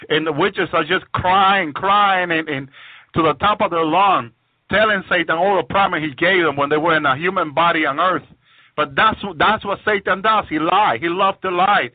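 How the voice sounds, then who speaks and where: A man's voice: high-pitched, moderate pace, no room sound. Fervent man testifying over a phone line. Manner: fervent, repeats words as he restarts. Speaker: guest sharing visions on a religious program. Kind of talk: spoken religious testimony. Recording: tinny phone-line audio, dry.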